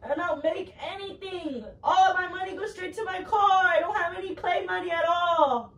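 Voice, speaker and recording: A high-voiced young woman speaks bluntly, swearing and sounding worn out and exasperated. She is recorded from a distance in a roomy space. Faint noise sits behind her. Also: normal speed, fairly bright tone. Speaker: girlfriend. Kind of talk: heated argument.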